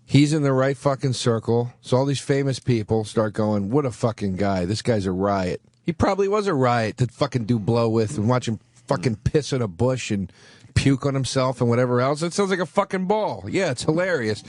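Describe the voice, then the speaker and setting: A man's voice: medium pitch, animated, brisk, a little mellow, no room sound. A man ranting bluntly and profanely as a guest in casual radio banter, recorded in a radio studio. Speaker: comedian guest.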